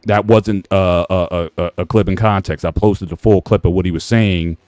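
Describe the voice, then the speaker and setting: A man on an online panel, quickly and insistently setting the record straight. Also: low-pitched, fairly even intonation, a little mellow, no room sound. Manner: quick, insistent, correcting others.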